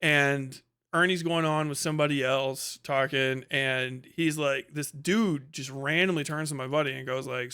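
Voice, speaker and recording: A man's voice: on the high side, normal speed, sharp tone, clear, resonant tone. A male livestream host telling a rambling, profane story in a casual way, with lots of filler words.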